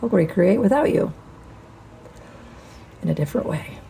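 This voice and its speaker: A middle-aged woman hosting a spiritual channel, giving a defiant, profane monologue with drawn-out, emphatic phrasing. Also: fairly low pitch, animated, vocal fry, mellow, a little hiss or hum.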